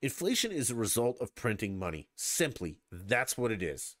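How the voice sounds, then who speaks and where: A man's voice: on the low side, big pitch swings, normal speed, a bit bright, no room sound, studio quality. A man hosting a podcast in a casual, combative political rant, swearing a lot and sarcastically mocking his opponents. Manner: profane and combative, heavy swearing; sarcastic, mocks opponents with put-on voices. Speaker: podcast host.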